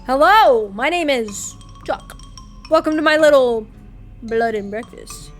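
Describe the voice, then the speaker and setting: A woman's voice: animated, soft background music. Woman doing creepy lisping innkeeper man. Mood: creepy-cheerful. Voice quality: slight lisp, odd emphasis. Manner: slow, sing-song with sudden high jumps. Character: creepy grinning hunched male innkeeper, unsettling.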